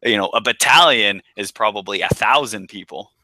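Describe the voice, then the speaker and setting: A man's voice: on the low side, moderate pace, pushed and bright, no echo. A man co-hosting a podcast, chatting casually about an episode and talking with plenty of restarts and military jargon. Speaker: podcast co-host. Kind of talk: casual chat.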